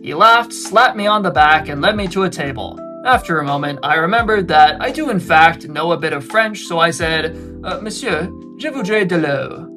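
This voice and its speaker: A man's voice: on the high side, normal speed, hardly any pauses, over music. A young man narrating a travel vlog from a script, with self-deprecating, wry humor. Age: young adult. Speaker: travel vlogger.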